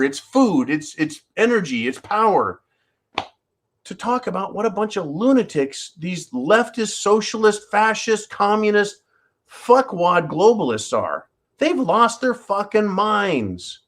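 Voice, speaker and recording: A man's voice: high-pitched, fairly bright tone. A man hosting a show in a casual, swearing rant and often chuckling. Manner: profane, ranting, chuckling often. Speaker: host. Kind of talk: casual ranting monologue.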